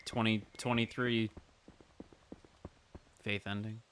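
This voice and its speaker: Man, streamer, low voice, relaxed game commentary, thinking aloud, audible background noise. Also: slow pace. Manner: relaxed, musing, talks while playing. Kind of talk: casual gameplay commentary.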